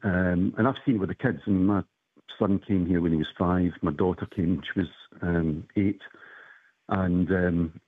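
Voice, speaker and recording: A low, husky man on a tinny phone line, telling family stories slowly and hesitantly with lots of ums. The sound is dry and narrow-band. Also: steady tone, dry recording. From Scotland. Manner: reflective, hesitant with many ums. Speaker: caller.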